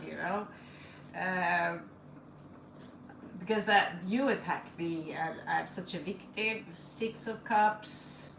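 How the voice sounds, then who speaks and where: Speaking slowly with a fairly low, creaky, slightly bright voice, a woman for whom English is a second language reads tarot cards on a live stream, chatting and laughing in somewhat broken English. Faint ambient noise and echo fill the room.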